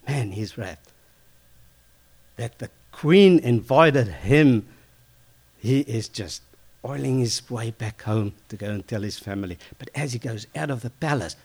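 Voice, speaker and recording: A man retelling a Bible story informally, lively and conversational, with fillers and self-corrections. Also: medium pitch, measured pace, pauses often, breathy edge.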